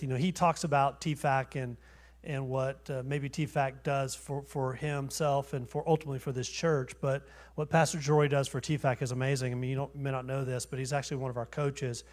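A man's voice: medium pitch, little pitch movement, fairly quick. A man, preaching a sermon as a guest pastor in a church, conversational and self-deprecating, asking rhetorical questions. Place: church sanctuary.

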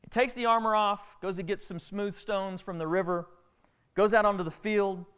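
A man preaching a sermon, retelling a Bible story with lively, acted-out dialogue. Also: sits high, moderate pace, clear, resonant tone. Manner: animated storytelling preacher, acting out characters' lines. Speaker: pastor.

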